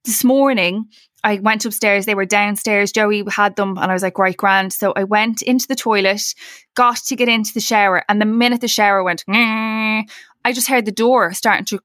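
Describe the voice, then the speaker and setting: A woman's voice: mid-range voice, fairly even intonation, normal speed, fairly bright tone, dry recording, clean studio sound. A woman, co-hosting a podcast and telling comic stories about home life. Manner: chatty, comic storytelling. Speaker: podcast co-host. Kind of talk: casual chat.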